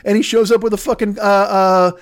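A man hosting a podcast, riffing through a rambling comedy bit with excitable, profane, absurd tangents. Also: sits high, brisk. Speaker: podcast host.

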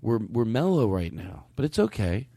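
A low-pitched man with a gravelly, fry-heavy voice, joking around as a podcast co-host. His tone is wry and mock-earnest. The sound is dry and close. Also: sing-song, moderate pace, warm tone, no echo. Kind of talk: casual comedy podcast banter.

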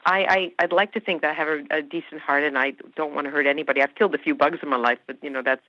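This deep-voiced actress races along with fairly even intonation in a dry recording, chatting warmly and often laughing as an interview guest. Raised in Canada, she spoke Hungarian first, and the casual podcast conversation has a dry, slightly dull sound.

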